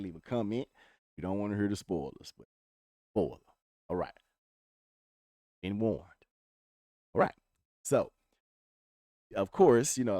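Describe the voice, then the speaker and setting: A man's voice: sits low, darkish tone, no echo, studio quality. A man giving a casual, rambling spoiler recap of a TV episode, swearing freely and talking in laid-back slang. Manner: profane, rambling retelling. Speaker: TV show reviewer.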